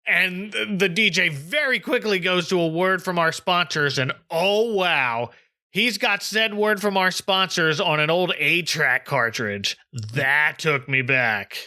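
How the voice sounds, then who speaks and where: A podcast host from southern New Jersey, a man with a high, sharp-toned voice, recaps a cartoon episode at an unhurried pace. He's casual and chatty, walking through the scenes and acting out the quotes.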